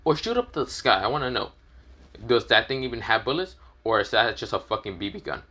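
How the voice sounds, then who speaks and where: A man putting on a foul-mouthed young guy who could not care less. The voice is bright and edgy, the delivery flat and dismissive, thick with swearing, like a fan story read aloud. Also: mid-range voice, a little fast, heavily acted. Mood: scornful.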